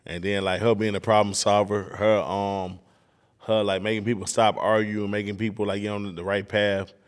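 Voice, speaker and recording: A man's voice: fairly low pitch, little pitch movement, moderate pace, clear, resonant tone. Man telling rambling stories loosely. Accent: Houston. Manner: loose storytelling, acts out his daughter's lines. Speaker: rapper guest. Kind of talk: casual interview chat.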